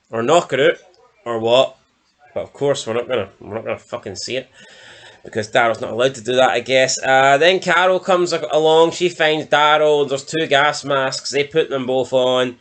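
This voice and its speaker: A man's voice: medium pitch, a bit bright. A Scottish man giving a blunt, sweary, mocking TV review in casual chat. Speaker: show reviewer.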